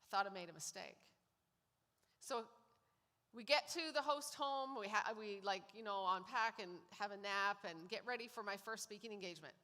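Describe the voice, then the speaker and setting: A woman's voice: mid-range voice, moderate pace, bright, forceful tone. A woman sharing a personal testimony at a church service, telling her story and acting out what people said. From Canada. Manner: storytelling, acts out quoted lines. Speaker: guest speaker sharing testimony. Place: church sanctuary. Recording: long hall reverb in a church.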